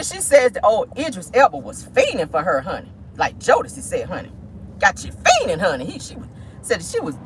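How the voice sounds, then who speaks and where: A woman vlogger with a medium-pitched voice sits in her car, sassily and animatedly chatting about celebrity gossip and calling listeners "honey" often. The recording is low-quality, with a little hiss or hum.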